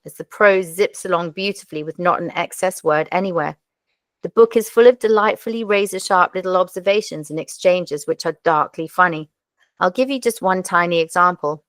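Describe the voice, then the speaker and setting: A woman's voice: fairly low pitch, dry recording. A woman hosting a podcast, reviewing crime novels in a wry, self-deprecating scripted talk. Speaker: podcast host.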